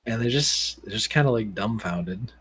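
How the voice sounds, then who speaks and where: A man's voice: lowish voice, lively intonation, normal speed, fairly bright tone, husky. A man narrating as game master for a tabletop game, casual and rambling with many fillers.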